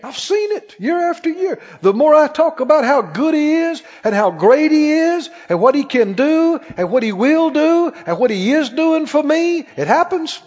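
A middle-aged man preaching a sermon as pastor, emphatic and animated, with sudden exclamations. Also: very high voice, normal speed, few pauses. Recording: dull recording with long hall reverb.

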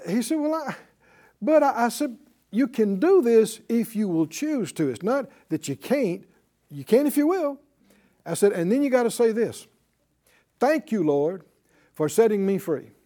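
Animated older male preacher. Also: sits high, measured pace. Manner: animated, call-and-response with congregation. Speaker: pastor. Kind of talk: sermon.

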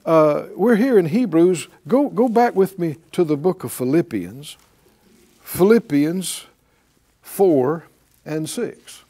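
A man's voice: fairly high pitch, expressive, slow, warm tone. A man preaching a sermon as pastor, drawing responses from the congregation with rhetorical questions and repeated key phrases.

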